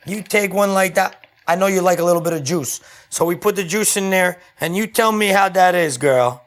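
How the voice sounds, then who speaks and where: A man's voice: high-pitched, normal speed, fairly bright tone. Chatty man hosting a cooking show. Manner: chatty, keeps checking in with "okay?". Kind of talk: casual cooking demonstration. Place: home kitchen.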